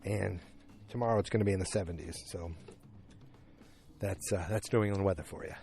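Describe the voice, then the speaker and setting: A man's voice: low voice, brisk, mellow, faint music behind. A man hosting a podcast, recapping an episode in a loose, rambling, chatty way full of fillers, talking at home while his dog moves around. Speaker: podcast host. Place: at home in New England, moving about with his dog.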